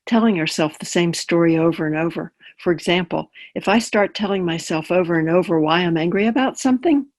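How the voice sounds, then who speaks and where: A palliative care chaplain gives a webinar talk in a conversational way, drawing on personal examples and often checking in with her listeners. Her voice is fairly low and a little fast.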